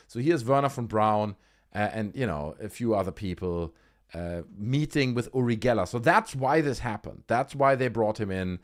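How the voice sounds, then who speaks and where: Animated, sarcastic livestream host. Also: male voice, on the low side, normal speed. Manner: animated, sarcastic, swears freely. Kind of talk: casual commentary.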